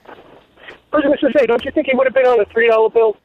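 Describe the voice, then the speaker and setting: High, teasing male caller on a dull line. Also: steady tone, fast talker. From Long Island. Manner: teasing, jokey.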